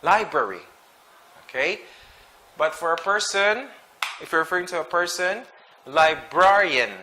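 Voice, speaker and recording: A man teaching English pronunciation, reading sight words slowly and twice each, with short explanations. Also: a little high, animated, bright, forceful tone, a little hiss or hum. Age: adult. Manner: slow and deliberate, repeats each word twice with brief explanations.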